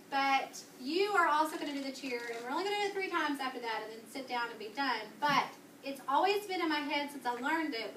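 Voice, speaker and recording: The children's teacher, a woman, has a high-pitched, somewhat bright voice as she coaxes her elementary class along upbeat and repeats key words. A far camera records the echoey classroom from a distance, with slight background noise.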